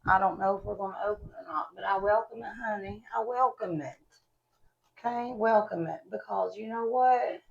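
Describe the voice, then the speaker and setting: Reviewing products at home, this talkative, folksy West Virginia woman speaks to camera in an Appalachian Southern accent and addresses viewers as y'all. Her medium-pitched voice is creaky at a normal speed, and the recording has its highs cut off.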